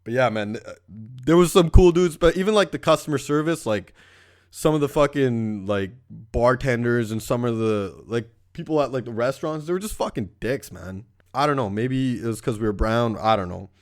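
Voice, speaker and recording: Profane, laughing podcast host. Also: male voice, medium pitch, expressive, moderate pace. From Canada. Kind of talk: casual rambling podcast monologue.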